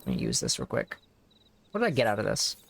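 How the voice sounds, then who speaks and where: A man's voice: lowish voice, huge pitch swings, fast talker, creaky, music in the background. A man casually commenting while he streams a game, offhand and swearing now and then.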